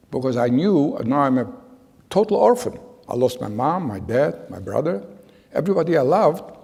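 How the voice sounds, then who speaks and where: Man in his 90s, survivor giving testimony; husky, gravelly voice, earnest and halting, echoing through a big hall. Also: mid-range voice, mellow. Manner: halting, earnest storytelling with repeated phrases. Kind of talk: spoken testimony to an audience. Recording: long reverb of a large hall.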